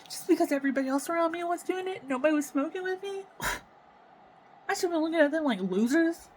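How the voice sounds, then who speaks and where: A woman talking unscripted to her camera about her own life, halting and emotional, swearing and sighing often. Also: very high voice, animated, darkish tone, slight background noise, poor audio. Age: adult with children. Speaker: vlogger. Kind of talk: raw unscripted personal talk to camera.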